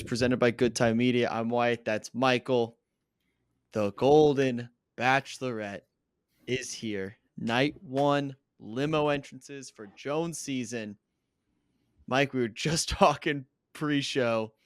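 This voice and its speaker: A man's voice: medium pitch, takes it slowly, clean tone, dry recording. Upbeat young man, dry close mic. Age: 20s. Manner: laughs often, upbeat. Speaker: podcast co-host. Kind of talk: casual recap chat.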